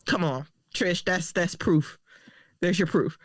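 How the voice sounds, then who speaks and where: A woman co-hosting a casual podcast, playful and quick to argue back. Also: on the low side, dry recording, clean studio sound. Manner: playful, argumentative. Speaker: podcast co-host.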